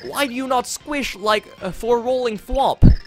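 A man voicing a gruff male brute fighter in a video game, talking broken English in a put-on Slavic accent. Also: very high voice, slow pace, fairly bright tone, faint music behind, pitched above the performer's own voice, heavily acted.

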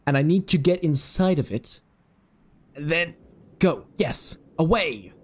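A man giving casual, excitable commentary on his own game run, swearing freely and chatting to the creatures on screen. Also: a little high, measured pace, breathy edge. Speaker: let's play host.

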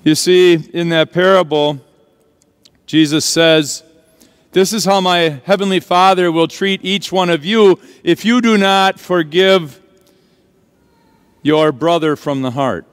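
A pastor preaches in an earnest, dramatic way, his voice high and smooth. He takes his time, stressing words slowly. The sound carries the long reverb of a church sanctuary. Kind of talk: sermon.

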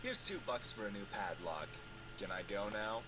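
An actor playing an impatient, dismissive man in a game, with a flat, sarcastic delivery, heard as faint game audio. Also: fairly low pitch, normal speed, background noise.

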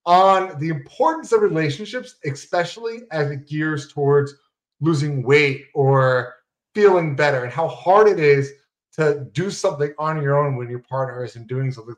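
Chatty male podcast host, fairly high voice. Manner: conversational, chatty, rambling asides. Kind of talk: casual interview chat.

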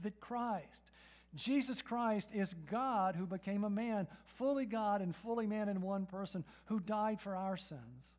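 A man preaching a sermon to his church congregation, his voice sitting high. He leans on rhetorical questions and tags lines with "right?" as he speaks to the room. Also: measured pace, darkish tone. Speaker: pastor. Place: church sanctuary.

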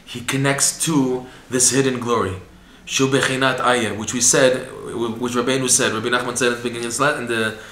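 A man's voice: mid-range voice, a bit bright. A man giving a religious lesson, earnest and rising to impassioned cries when he voices pleas to God. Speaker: Torah teacher. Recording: echoey room with faint background hiss.

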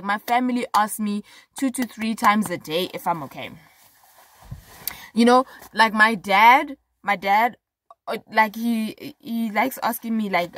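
A woman's voice: mid-range voice, a bit bright, dry recording. Young South African woman, casual vlog to camera, frank and emphatic, lots of "like". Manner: frank, chatty, emphatic with many fillers. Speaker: vlogger.

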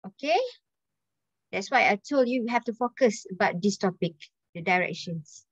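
A woman's voice: mid-range voice, lively intonation, normal speed, no echo. Malaysian lady teaching a class, asks lots of questions, throws in "lah", dry close sound, kinda muffled. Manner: mixes in Malay words and "lah", quizzes students. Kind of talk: online language lesson. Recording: dull lo-fi dry voice.

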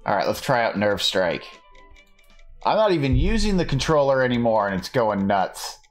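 A man giving casual live commentary while playing a game, chatty and quick to laugh as he talks to his chat. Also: medium pitch, big pitch swings, soft background music. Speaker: let's play streamer.

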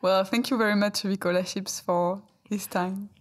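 A woman's voice: medium pitch, flat delivery, normal speed. A woman hosting a podcast interview, encouraging her guest with brief, affirming replies. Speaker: podcast host. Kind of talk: casual interview chat.

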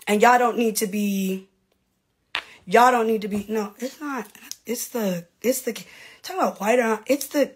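Brash husky-voiced woman ranting on a livestream. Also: mid-range voice. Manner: brash, profane, mocking, quick asides. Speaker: reality TV personality livestreaming to fans. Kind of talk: casual livestream rant.

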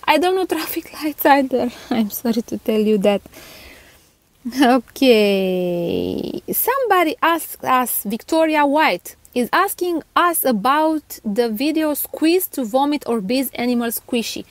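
A woman's voice: sits high, animated, normal speed, hardly any pauses, dry recording. A woman with a Romanian accent, a toy channel host, chatting casually as she reads out viewer comments with little laughs and stumbles over names.

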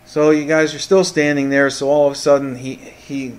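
Halting man running a tabletop game. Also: on the high side, flat delivery, crowd noise. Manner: halting, repeats words while narrating. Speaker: game master.

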